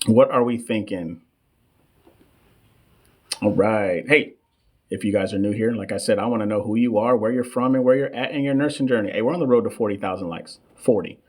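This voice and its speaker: A man, running a casual live-stream teaching session for nursing students and reading shout-outs from the chat. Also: lowish voice, fairly quick. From United States. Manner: chatty, reads chat shout-outs, stumbles over long terms. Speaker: nurse coach hosting a live question session. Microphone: desk microphone.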